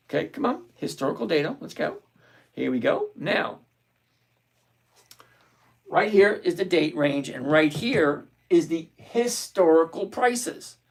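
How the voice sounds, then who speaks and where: Man, livestream stock trading host, casual commentary, exasperated, emphatic, animated pitch. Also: vocal fry. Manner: exasperated, emphatic, lecturing viewers.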